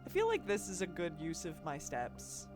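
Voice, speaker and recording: A woman's voice: fairly low pitch, huge pitch swings, normal speed, music in the background. A woman streaming a puzzle game live, thinking aloud and chatting with her viewers, with frequent restarts. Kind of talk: live gameplay commentary.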